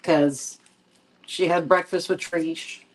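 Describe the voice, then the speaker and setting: A woman co-hosting a casual live podcast chat, gently teasing and giving advice. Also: fairly low pitch, steady tone, slow pace, rough recording. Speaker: podcast co-host.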